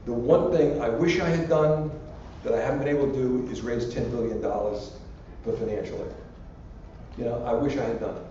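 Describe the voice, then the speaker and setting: An older man tells rambling stories and jokes while answering student questions. His voice is mellow and dull on a lo-fi recording. It is caught from far off in a large, echoing hall. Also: mid-range voice, a little fast, a little hiss or hum. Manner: rambling, anecdotal, joking. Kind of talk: casual public Q&A.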